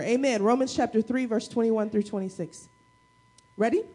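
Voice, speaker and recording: A woman pastor preaching a sermon to her church, energetic, with call-and-response and playful asides. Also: on the high side, normal speed. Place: church service.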